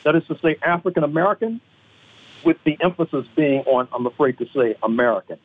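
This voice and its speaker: A man giving pointed, deliberate political commentary as a radio guest over the phone. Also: fairly high pitch, steady tone. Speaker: guest analyst. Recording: tinny phone line.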